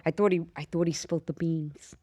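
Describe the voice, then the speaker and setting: A woman, co-hosting a podcast and telling a brash, animated story with a lot of swearing. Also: low-pitched, brisk. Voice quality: slight lisp. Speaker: podcast co-host. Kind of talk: casual storytelling chat.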